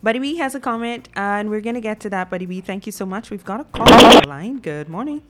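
A woman's voice: mid-range voice, expressive, quick pace, very noisy. A woman hosting a talk show, playful and laughing as she steers the topic. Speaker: host.

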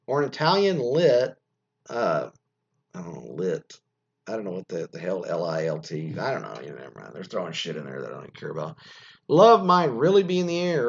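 A man's voice: medium pitch, slightly rough. A man hosting a radio show, rambling casually, often interrupting himself and swearing freely as he comments on what he reads. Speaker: show host. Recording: dull lo-fi recording.

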